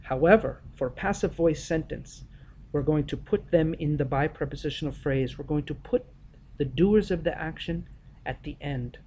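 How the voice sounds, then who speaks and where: A male teacher giving an explanatory grammar lesson, speaking deliberately and stressing the key words of example sentences. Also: a little high, darkish tone, a little hiss or hum.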